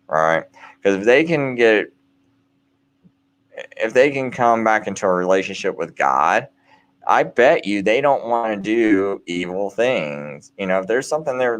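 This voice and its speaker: A man's voice: on the low side, clear, resonant tone. A man hosting a late-night show, talking in a casual, rambling monologue full of restarts and "you know"s, with an earnest, preachy bent.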